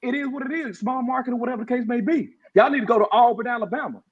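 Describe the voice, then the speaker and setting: This man's voice is very high-pitched, slightly rough, and very fast as he co-hosts a podcast and unleashes a heated sports-talk rant. He's fired up and emphatic, calling the others "bro" and often saying "y'all." The recording is dull and lo-fi.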